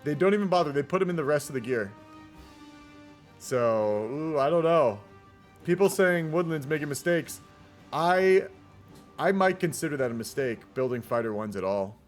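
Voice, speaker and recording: A man's voice: fairly high pitch, lively intonation, normal speed, long pauses, faint music behind. A man casually commentating a multiplayer strategy game on a live stream, rambling into laid-back asides and swearing often.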